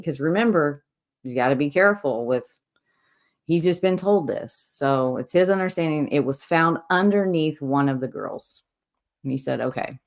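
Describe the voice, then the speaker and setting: A woman hosting a true crime channel, reading out court transcripts and commenting casually, with many fillers, restarts and frequent laughs. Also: low-pitched.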